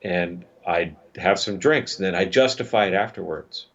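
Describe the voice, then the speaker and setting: A man co-hosting a recovery talk show, telling a personal story in a reflective, halting way. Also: low-pitched, muffled recording. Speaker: podcast co-host.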